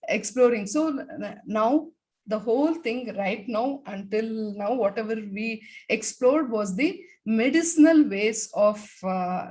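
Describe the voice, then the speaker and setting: A woman leading a guided laughter exercise on a video call, talking with many fillers and demonstrating laughter sounds in loud bursts. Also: mid-range voice. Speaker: laughter yoga expert.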